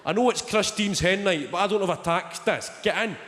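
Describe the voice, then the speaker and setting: Comic doing a fretful male limo driver, raised and pleading, in an echoey theatre with loud noise. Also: sits high, a little fast, voice pushed up, lightly acted.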